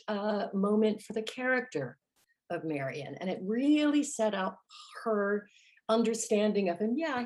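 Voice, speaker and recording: A woman, a musical theater actress, telling a story in a casual interview and acting out the lines she quotes. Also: mid-range voice.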